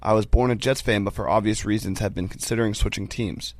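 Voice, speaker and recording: A man reads listener mail on a podcast in a deadpan manner. His voice sits low. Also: fast, dry recording. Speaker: podcast co-host reading listener emails. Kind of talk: reading listener questions.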